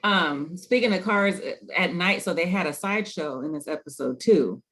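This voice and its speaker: A co-host of a show review, talking in a conversational way and calmly arguing a point. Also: medium pitch, normal speed. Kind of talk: casual chat.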